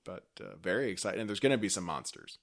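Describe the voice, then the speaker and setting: A man co-hosting a podcast, chatting casually and playfully about a TV episode like an excited fan. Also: low-pitched, quick pace, gravelly. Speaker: podcast co-host. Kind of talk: casual chat recapping a TV episode.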